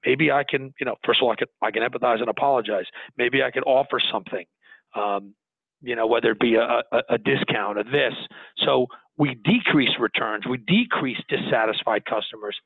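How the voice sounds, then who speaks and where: A man, a business owner, talking earnestly in an interview, animated and restarting his sentences as he goes. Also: medium pitch, fairly quick, vocal fry, husky, no echo. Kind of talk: conversational interview. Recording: tinny phone-line audio, dry.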